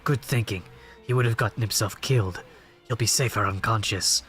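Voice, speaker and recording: A man voicing a gruff, stoic young swordsman in a calm, clipped, low voice while reading a comic aloud. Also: normal speed, soft background music, natural voice.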